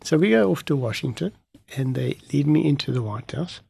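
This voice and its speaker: A man, a pastor from Africa, telling a story in an animated way and acting out the dialogue. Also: a little high, a little fast, gravelly, husky, no echo. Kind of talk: storytelling testimony in an interview.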